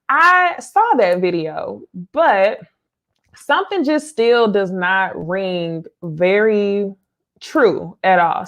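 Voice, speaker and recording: Chatty woman recapping reality TV. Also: mid-range voice. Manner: animated, chatty, addresses viewers as y'all. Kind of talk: casual recap talk to viewers.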